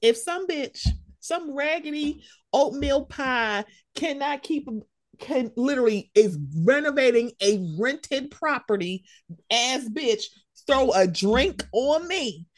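A high-pitched woman talks through reality-show gossip in a loose podcast chat. Her voice leaps all over the place as she laughs and acts out what other people said. She is brash, slangy and playful. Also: slow pace. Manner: animated, laughing, slangy, mimics others in quotes. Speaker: podcast co-host.

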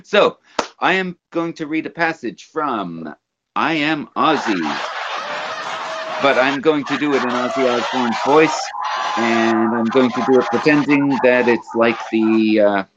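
Brief: male podcast host spinning a story, average pitch, dull audio. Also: animated, noisy background. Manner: storytelling, drawn-out. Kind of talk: casual chat. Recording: dull lo-fi sound.

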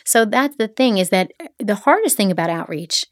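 A middle-aged woman from the Philadelphia area, a podcast guest, chatting casually and telling stories with quick asides. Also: mid-range voice, no room sound, studio quality. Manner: animated storyteller, quick asides. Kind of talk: casual interview chat.

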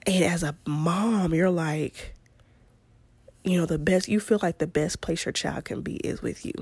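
A woman, talking to her listeners in a chatty, laughing way. Her voice sits low and has a gravelly fry. The sound is dry and close. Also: a little slow, darkish tone, dry recording. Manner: chatty, laughs often, Southern-style "y'all". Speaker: podcast host. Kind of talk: casual storytelling monologue.

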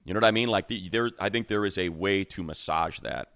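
Deep-voiced man in opinionated sports chat. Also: fairly quick, no echo, studio quality. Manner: opinionated, heats up into animated rants. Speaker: co-host. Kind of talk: casual sports talk.

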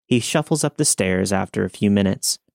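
A man narrating a scary true story in a steady scripted read. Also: lowish voice, brisk, gravelly, dry recording, clean studio sound.

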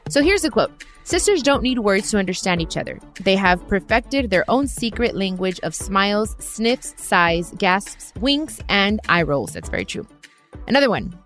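A woman's voice: mid-range voice, sing-song, normal speed, a bit bright, soft background music. A woman hosting a podcast, telling a family story in a casual, chatty way and laughing often. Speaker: podcast host. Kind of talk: casual chat.

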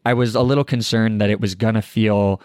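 Low-voiced measured man, dry sound. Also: steady tone, darkish tone, no echo. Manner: measured, thoughtful, leads questions. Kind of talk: casual movie review chat.

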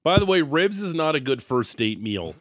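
A man's voice: fairly high pitch, very animated, moderate pace, fairly bright tone, no echo. A man co-hosting a sports radio show, telling stories and teasing in casual banter from a studio. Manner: joking, storytelling, teasing. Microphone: studio microphone.

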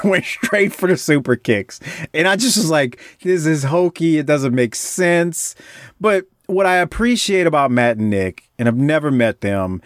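A man hosting a podcast, talking casually in an animated, rambling way with lots of restarts. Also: a little high, no room sound, studio quality. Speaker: podcast host. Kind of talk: casual chat.

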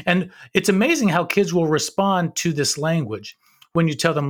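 A man's voice: fairly high pitch, normal speed. A man speaking as a podcast guest, teaching fathers in an earnest, preacher-like way and sometimes acting out what others would say. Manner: earnest, preacher-like, acts out quoted voices.

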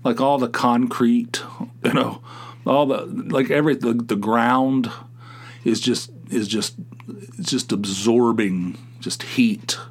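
A man's voice: medium pitch, steady tone, slow. A middle-aged man from Pennsylvania hosting a solo podcast, rambling and grumbling in casual chat, with frequent restarts and "you know"s. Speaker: podcast host.

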